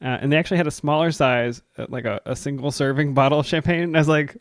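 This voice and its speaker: A man co-hosting a casual podcast, playful and quick with jokes. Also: fairly high pitch, fairly even intonation, no echo, clean studio sound. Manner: joking, playful, upbeat. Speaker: podcast co-host.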